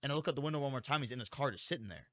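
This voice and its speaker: Rapid-fire and mid-range, a young man co-hosting a podcast rattles through a story in casual conversation. The studio sound is clean and echo-free, and he's animated, curses constantly, and acts out people's lines.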